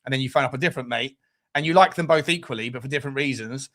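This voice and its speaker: A man's voice: mid-range voice, rapid-fire, fairly bright tone. A man hosting a live fan stream, who talks bluntly with crude jokes and reads out the chat. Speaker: fan show presenter.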